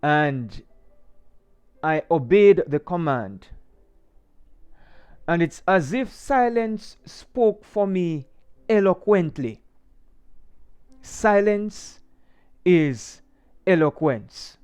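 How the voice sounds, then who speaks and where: A man's voice: fairly high pitch, animated, takes it slowly, pauses often, darkish tone, clean tone. A man hosting his own channel, giving a motivational faith talk and emphatically repeating slogans for viewers to say along with him. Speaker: channel host.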